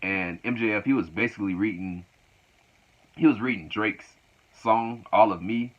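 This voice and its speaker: A man casually recaps a show in a low voice. He rambles, repeats himself and laughs as he goes. The recording is muffled and lo-fi. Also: normal speed. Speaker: wrestling show reviewer. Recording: lo-fi dull recording.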